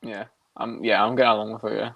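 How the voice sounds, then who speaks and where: A man co-hosting a podcast, riffing quickly and swearing between laughs. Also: on the low side, level tone, vocal fry, no echo, lo-fi sound. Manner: quick, profane, laughing riffs. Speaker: podcast co-host. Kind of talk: casual podcast chat.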